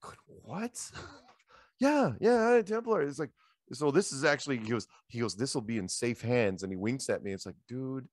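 A middle-aged man hosting a show, telling rambling anecdotes in a casual, animated way into a handheld microphone. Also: mid-range voice, a little fast, no room sound, clean studio sound. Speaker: show host. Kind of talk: casual storytelling chat.

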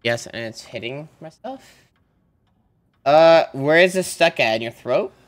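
A young man chatting casually with a friend while playing a multiplayer game, blunt and cursing casually, firing off quick questions. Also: on the high side, expressive. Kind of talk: casual gaming voice chat.

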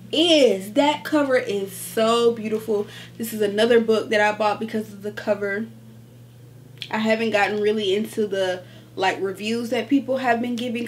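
A woman with a somewhat high voice gushes about her new books in a casual, animated chat and keeps calling her viewers y'all. A faint hum sits under the recording. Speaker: book vlogger. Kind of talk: casual book haul chat.

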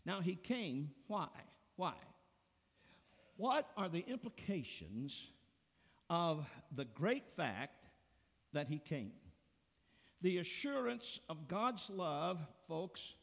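Pastor, male, slow deliberate sermon delivery, gravelly, churchy reverb. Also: fairly high pitch, big pitch swings. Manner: slow, deliberate storytelling preacher. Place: church sanctuary.

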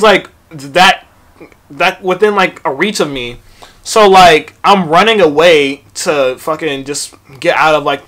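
A young man telling a storytime vlog, profane and animated, acting out quotes from the story. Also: on the high side. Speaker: vlogger.

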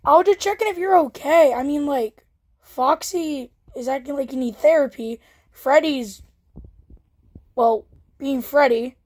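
A woman's voice: sits high, measured pace, darkish tone. A woman voicing a snippy animatronic character in a fan plush-toy drama, rambling a little as she talks.

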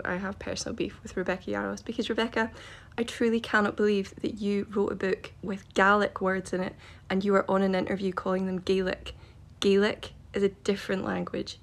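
A woman's voice: mid-range voice, flat delivery, fairly quick, creaky. A woman making a social media video, ranting bluntly and emphatically in an exasperated way.

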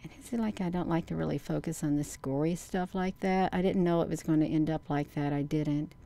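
A woman's voice: low-pitched, a little fast, creaky, warm tone. Folksy rambling woman streamer. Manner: folksy, rambling, says "you all" and "honey". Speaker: livestream host. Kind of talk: casual livestream chat reading comments.

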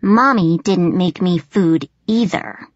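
A woman's voice: medium pitch, big pitch swings, drawn-out words, creaky, no echo, full character voice. A woman reading an audiobook, voicing a demanding, eerie little boy who whines and growls. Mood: menacing. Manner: whiny, then growling and menacing. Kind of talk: audiobook narration. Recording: slightly dull lo-fi audio.

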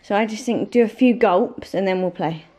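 A woman's voice: medium pitch, normal speed, mellow, husky. A young mother chatting casually to camera while playing with her children. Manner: chatty, playful with her kids. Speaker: family vlogger, mother. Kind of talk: casual vlog chat.

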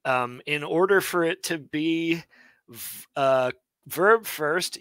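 A man co-hosting a live online grammar lesson, playful and quick to interject with puns. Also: fairly high pitch, fairly bright tone, no room sound. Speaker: co-host teaching Biblical Hebrew.

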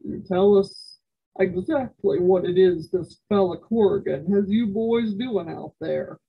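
A woman voicing a stern, skeptical frontier father who speaks slowly. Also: medium pitch, creaky, breathy edge, highs cut off, heavily acted. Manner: slow, clipped, stern.

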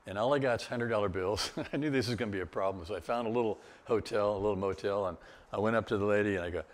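An older man giving a guest-speaker testimony, telling his story in a lively way with laughs and sudden exclamations. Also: on the low side, quick pace. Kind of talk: testimony talk.

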